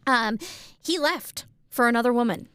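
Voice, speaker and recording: A woman's voice: a little high, moderate pace, fairly bright tone, smooth, dry recording, studio quality. A woman co-hosting a casual true crime podcast, telling the story with lots of ums and likes.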